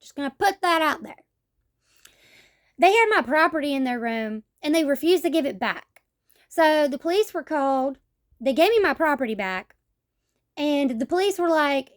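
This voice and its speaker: A woman's voice: high-pitched, lively intonation, normal speed. A young woman telling a story in a casual vlog, blunt and profane, acting out what people said to her. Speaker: vlogger.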